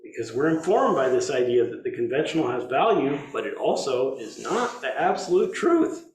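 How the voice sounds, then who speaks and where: A man teaching as a Zen teacher, giving an informal dharma talk in a conversational way, thinking aloud with pauses and restarts. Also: medium pitch, very animated, darkish tone, echoey room, a little hiss or hum.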